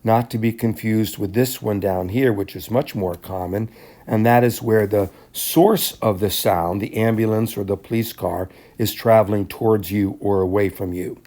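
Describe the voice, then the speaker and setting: A man with a somewhat low, warm and mellow voice delivers a classroom lecture. He explains each point step by step in a measured way, pausing now and then to clear his throat. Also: steady tone. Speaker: teacher.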